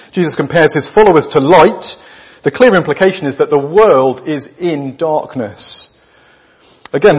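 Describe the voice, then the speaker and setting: A man with a British accent preaching a sermon to a church, emphatic and full of rhetorical questions, leaving weighty pauses between his phrases. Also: fairly high pitch, husky. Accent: British English. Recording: dull lo-fi recording.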